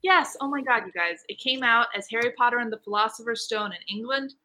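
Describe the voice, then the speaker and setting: A woman chatting excitedly in a casual book club conversation, rambling with lots of fillers. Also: fairly high pitch, brisk. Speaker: book club podcast member. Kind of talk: casual chat.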